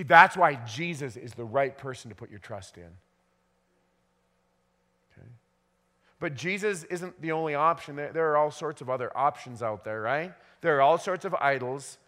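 A man's voice: mid-range voice, a bit bright. Man preaching in a reverberant hall. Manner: conversational preaching with frequent restarts. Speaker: pastor. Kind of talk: sermon.

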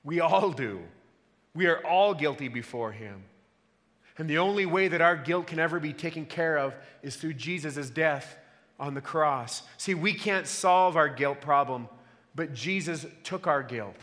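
A male pastor with a slightly high, bright and forceful voice, preaching in an earnest, emphatic way. He keeps asking his congregation questions as he goes. The sound rings with the long reverb of a church hall. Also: unhurried. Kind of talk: sermon.

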